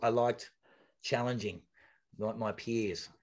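A man's voice: mid-range voice, slow, crowd noise. A man, a former endurance athlete, being interviewed, telling stories bluntly with swearing and many restarts. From Australia. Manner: animated storyteller, blunt and swearing, lots of restarts. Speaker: guest, former Ironman triathlete. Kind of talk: casual interview chat.

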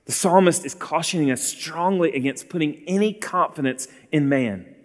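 A man's voice: a little high, moderate pace, long reverb tail. A man in his forties preaching an earnest sermon, calling his listeners beloved.

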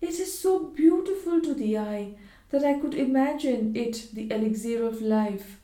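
A woman's voice: fairly high pitch, measured pace, dark tone, pitched above the performer's own voice, natural voice. A woman reading as an uneasy young wife. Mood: anxious. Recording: roomy echo.

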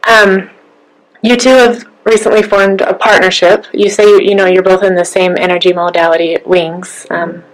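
A woman hosts an interview podcast and asks her guests questions at an easy, ordinary pitch. She talks in a friendly, encouraging way and tends to ask long questions. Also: level tone, normal speed, poor audio. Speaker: podcast host. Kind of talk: interview conversation.

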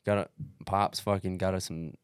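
Telling a lengthy race story on a casual podcast, a male co-host stays blunt and emphatic, cursing nonstop. His low, smooth voice shows little pitch movement at normal speed, in a dry, studio-quality recording.

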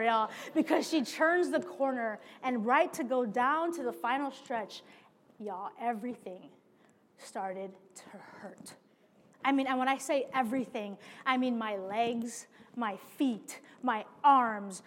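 A woman preacher telling a personal story in a sermon, animated and speaking to her listeners directly as friends. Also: fairly high pitch, a little hiss or hum. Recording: long hall reverb.

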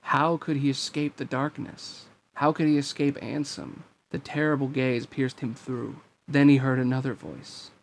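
Gravelly-voiced man reading a novel aloud. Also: medium pitch, fairly even intonation, normal speed, few pauses, a little hiss or hum. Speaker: reader of a fan story.

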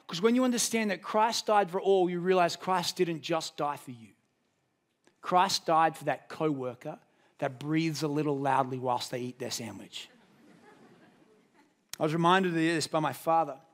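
Emphatic preacher man. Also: on the high side. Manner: storytelling, rises to emphatic peaks. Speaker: pastor. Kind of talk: sermon.

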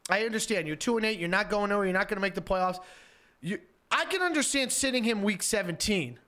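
A man's voice: high-pitched, expressive, fast, bright, forceful tone. A man co-hosting a sports talk show, chatting casually, rambling and insistent with many stammered restarts. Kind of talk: casual sports radio chat.

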